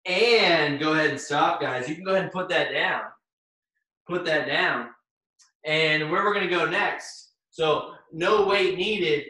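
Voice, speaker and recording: An out-of-breath man runs a live online fitness class, calling out moves and encouraging people by name. His voice is fairly high and bright, and his delivery is unhurried. He sounds distant from the mic in a strongly echoing room. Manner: upbeat, cheering on participants by name while exercising. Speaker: fitness instructor. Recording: very echoey room, far from the mic.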